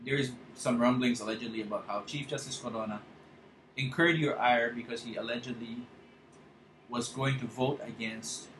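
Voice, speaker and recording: A man's voice: medium pitch, steady tone, normal speed, fairly bright tone, reverberant, slight background noise, rough recording. A man ranting angrily and passionately on his podcast, swearing as he confronts a politician. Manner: angry, impassioned, swearing. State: choked up, fighting tears. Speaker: podcast host. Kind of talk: political rant monologue.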